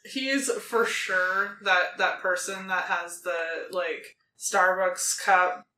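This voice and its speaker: A woman co-hosting a book podcast, talking in a loose, playful way and tossing in jokes as she goes. Her voice is bright and pushed forward. The room is echoey, with a faint hum behind her. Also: on the low side, takes it slowly. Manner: playful, jokey, animated storytelling. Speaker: podcast co-host. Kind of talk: casual book chat.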